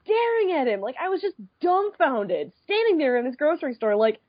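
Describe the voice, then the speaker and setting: A woman in her twenties from the Midwest, co-hosting a podcast and telling a story in a casual, animated way with frequent swearing. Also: high-pitched, a little fast, dry recording, lo-fi sound. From American Midwest. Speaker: podcast co-host.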